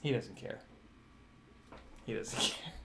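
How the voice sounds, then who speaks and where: A man's voice: slow, background noise. Laid-back swearing man on a live stream. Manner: laughing, swearing, scolding his cat. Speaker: drone streamer. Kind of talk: casual live Q&A chat. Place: home room with glass doors.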